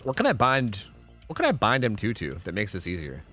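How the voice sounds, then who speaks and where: Lively young male game streamer. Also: fairly low pitch, brisk, faint music behind. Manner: rambling, swears a lot, swings between groans and excited outbursts. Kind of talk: live gameplay commentary.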